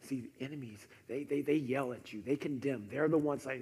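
A man preaching a sermon, animated and conversational, often dropping to softer tones for emphasis. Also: medium pitch, moderate pace, hardly any pauses, slightly rough. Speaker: pastor. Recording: echoey hall with faint noise.

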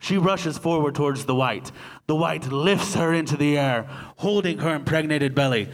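A man's voice: a little high, moderate pace. A man serving as game master, narrating a tabletop game with dramatic storytelling.

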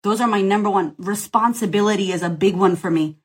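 Husky-voiced, blunt, swearing woman coach. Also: mid-range voice, fairly quick. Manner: blunt, profane and emphatic; direct, rallying the listener. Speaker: business coach. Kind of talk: casual live Q&A.

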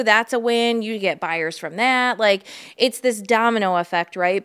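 A woman co-hosting a podcast, talking in casual, animated chat with quick asides. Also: mid-range voice, smooth. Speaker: podcast co-host, real estate agent.

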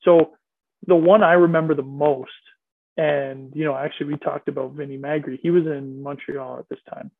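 A man guest telling relaxed, rambling stories about his playing days in a casual interview. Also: on the high side, normal speed, vocal fry, no echo. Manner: relaxed, rambling anecdotes with fillers. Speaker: guest, former player. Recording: tinny phone-like line.

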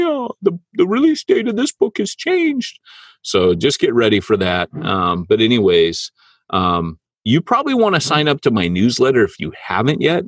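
A man with a low, husky voice trades jokes and teasing banter with his co-host on a podcast. His pitch swings lively up and down, and the sound is dry and close. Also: no echo. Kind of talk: casual chat. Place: home under renovation, drywalling.

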